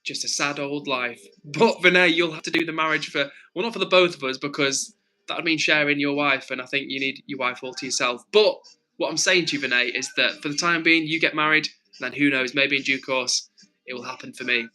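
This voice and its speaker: A man's voice: fairly high pitch, fairly even intonation, brisk, bright, forceful tone, rough recording. A young man from England hosting a live stream, reading out chat messages and answering viewers in a friendly, chatty way, with a frog in his throat. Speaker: livestream host.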